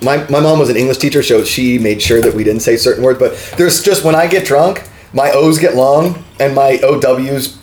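A young man from Pittsburgh with a Pittsburgh accent, chatting casually as a podcast guest, animated and joking. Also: medium pitch, moderate pace, few pauses. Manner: animated, laughing, jokey voices for bits. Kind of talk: casual comedic chat. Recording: echoey room, faint noise.

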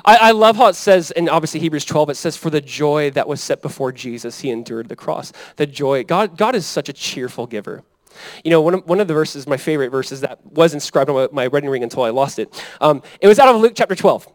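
30s guy preaching, chatty and lively, kinda high voice, dry close sound. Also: quick pace, no echo, poor audio. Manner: conversational, animated preaching with frequent "right?" and "Amen?". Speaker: pastor. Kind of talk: sermon.

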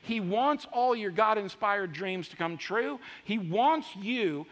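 Male pastor preaching, high voice, big echoey hall, goes from loud to quiet. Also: lively intonation, slow pace. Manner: emphatic, repetitive preaching with swings from loud to hushed. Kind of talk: sermon. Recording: long hall reverb.

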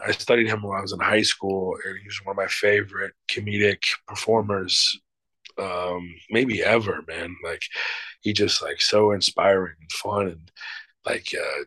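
A middle-aged man, an actor and showrunner, answers interview questions in a loose, emphatic way, swearing freely and using many fillers. His fairly low voice has a sharp tone, captured in a dry, rough recording.

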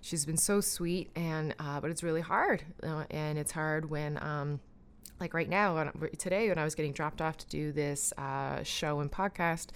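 A woman in her thirties hosts a podcast, her voice low and smooth. She rambles warmly through thanks, with frequent ums and restarts. Her tone is emotional and sincere. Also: fairly even intonation, moderate pace. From Canada. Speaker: podcast host and breathwork guide. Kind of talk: casual heartfelt thank-yous, then guided breathing.

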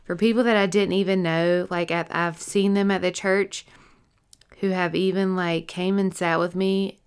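A young woman gives a halting personal testimony, her lowish voice smooth and resonant even as she breaks off and restarts. She sounds teary and worn out, yawning between thoughts. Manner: emotional, halting, with many fillers and restarts. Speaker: stroke survivor sharing her story.

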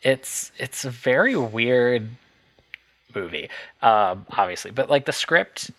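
A man's voice: mid-range voice, animated, takes it slowly, a bit bright, no room sound. A man co-hosting a podcast, chatting casually about a bad movie, hesitant and rambling with frequent laughs. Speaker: podcast co-host.

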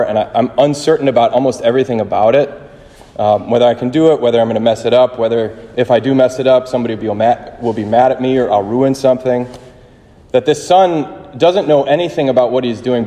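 A man giving a conversational sermon in a chapel, halting and restarting as he tells a story. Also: mid-range voice, dark tone. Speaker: priest. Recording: long chapel reverb.

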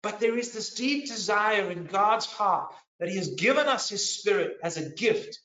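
A man preaching a sermon, telling his story in an animated way and swinging between loud and hushed delivery. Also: high voice, moderate pace. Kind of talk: sermon testimony. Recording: echoey, dull lo-fi sound.

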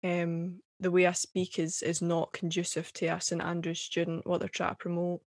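A woman's voice: fairly low pitch, completely flat delivery, normal speed, a little mellow, no echo, clean studio sound. A young woman from Scotland with a Scottish accent, talking as a guest in a casual chat, passionate, swearing freely and laughing often.

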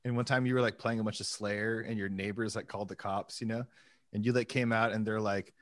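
A man's voice: on the low side, fairly even intonation, a little fast, fairly bright tone, no room sound. A man in casual chat who eagerly jumps in with stories from the band's past. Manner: eager, interjecting, chatty. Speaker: band member.

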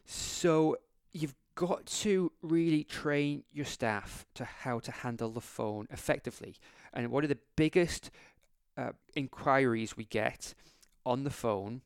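A man tells a story on his podcast in a casual, animated way, stumbling and restarting as he goes. His voice is smooth and resonant, recorded dry and close with no room sound. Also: mid-range voice, measured pace, dry recording. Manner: chatty, animated anecdote with frequent restarts. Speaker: podcast host and optometrist.

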